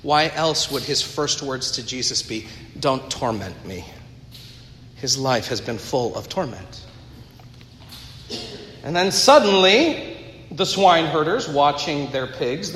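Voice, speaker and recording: A man's voice: mid-range voice, pushed and bright, slight background noise. A man preaching a sermon, retelling a story earnestly with conversational asides to the congregation. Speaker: pastor. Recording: echoey hall with long reverb.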